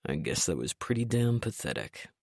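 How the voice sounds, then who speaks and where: A woman voicing a short-tempered male billionaire boss who talks in a clipped, rough way. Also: a bass voice, sing-song, moderate pace, darkish tone, dry recording, studio quality, voice pushed down, heavily acted. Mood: sheepish.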